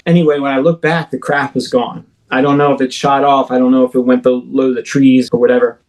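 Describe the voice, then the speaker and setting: A man's voice: mid-range voice, level tone, brisk, darkish tone, poor audio. A man in his thirties, an interview guest, telling a personal story vividly, with frequent halts and restarts. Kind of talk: recounting a personal experience in an interview.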